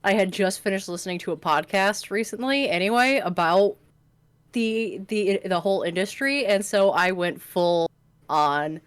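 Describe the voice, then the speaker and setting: A woman's voice: medium pitch, moderate pace, clean tone. A woman co-hosting a stream who voices characters, explaining her process plainly in casual chat. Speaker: streamer co-host, voice actor.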